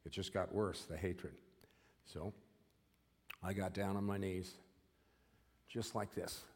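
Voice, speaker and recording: A man's voice: low voice, darkish tone, slightly rough, in a large hall. An older man giving an earnest personal testimony, often repeating himself and checking in with "okay?". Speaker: former prisoner giving testimony.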